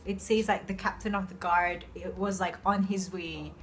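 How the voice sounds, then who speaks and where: A young woman chatting casually about books she loves, gushing and excitable, with lots of fillers. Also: on the low side, normal speed, a little hiss or hum. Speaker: book reviewer. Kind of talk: casual book review chat. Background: soft background music.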